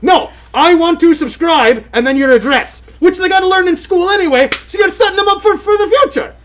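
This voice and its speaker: A man co-hosting a casual gaming news show, bantering in an animated, joking way. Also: very high voice, quick pace, slight background noise. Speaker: podcast co-host.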